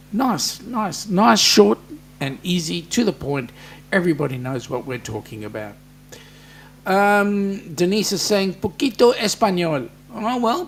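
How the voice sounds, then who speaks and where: A man's voice: a little high, gravelly, fairly bright tone, a little hiss or hum. An Australian man hosting a casual live chat, reading out viewer comments with lots of ums. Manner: chatty, many ums, reads viewer comments aloud.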